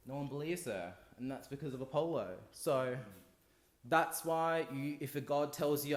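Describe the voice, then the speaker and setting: A man's voice: on the high side, moderate pace, roomy sound. Tipsy young man rambling through a story. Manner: rambling, slangy, loud asides. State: drunk. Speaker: comic storyteller. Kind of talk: casual comic retelling of a play.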